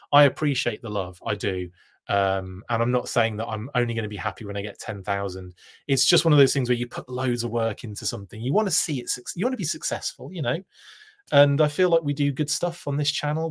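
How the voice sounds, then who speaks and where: Guy hosting a live stream, chatty and self-deprecating, mid voice, reads comments out. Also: medium pitch. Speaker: live stream host reading chat. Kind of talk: casual live stream chat.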